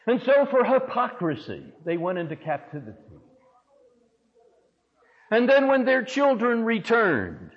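A man's voice: very high-pitched, huge pitch swings, measured pace, pauses often. A man preaching a sermon dramatically, firing off rhetorical questions, in a dull, echoey church recording. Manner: dramatic, with rhetorical questions and big swings in loudness. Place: large church hall.

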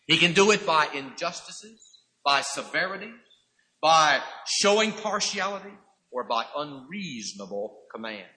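A man preaches a sermon emphatically, repeating key phrases and now and then acting out quoted voices with loud outbursts. His voice sits high, and the recording is rough.

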